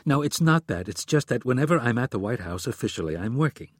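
A man's voice: medium pitch, very animated, fast talker, slightly rough, no room sound, studio quality. A man reading a stern, controlled woman spy chief. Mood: measured. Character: cool commanding woman intelligence chief.

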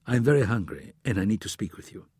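A man voicing a careful, serious adult plotter in an audiobook, speaking in measured, earnest tones. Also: fairly low pitch, lively intonation, a little mellow, slightly rough, dry recording, studio quality.

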